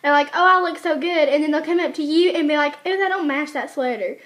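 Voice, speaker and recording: Teen girl, very high voice, chatty, giggly, casual vlog chat. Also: quick pace, over a noisy crowd. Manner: chatty, giggly, acts out quoted people. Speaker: vlogger.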